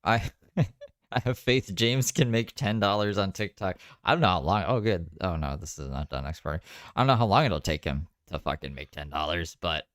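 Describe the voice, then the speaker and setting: A man's voice: low-pitched, expressive, moderate pace, fairly bright tone, dry recording, studio quality. Rambling, swearing man streaming live. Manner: rambling, swearing, laughing asides. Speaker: streamer reacting to another creator's live. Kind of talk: casual live-stream chat.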